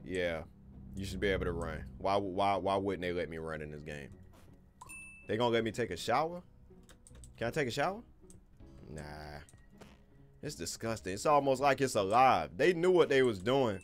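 Rambling, low-voiced man playing a game. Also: animated, moderate pace, pauses often, soft background music. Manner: loose, rambling, swears casually, talks to viewers. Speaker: gaming YouTuber. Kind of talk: casual gameplay commentary.

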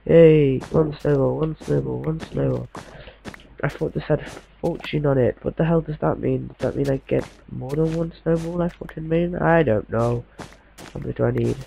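A man's voice: fairly high pitch, moderate pace, vocal fry, dark tone, a little hiss or hum, rough recording. A man giving casual, chatty gameplay commentary, muttering to himself and swearing mildly as he plays.

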